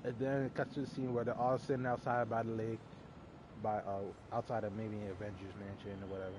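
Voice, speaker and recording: A man's voice: on the low side, little pitch movement, brisk, background noise. A man recapping a film's plot in a loose, rambling way, with lots of fillers and some swearing. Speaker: movie reviewer. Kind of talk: casual spoiler recap.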